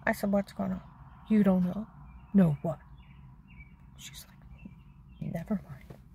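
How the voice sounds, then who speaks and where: Older woman with a gravelly rambling voice. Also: mid-range voice, takes it slowly, warm tone, a little hiss or hum. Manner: chatty, aggrieved, repeats herself, acts out quotes. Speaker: storyteller. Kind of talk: rambling personal story.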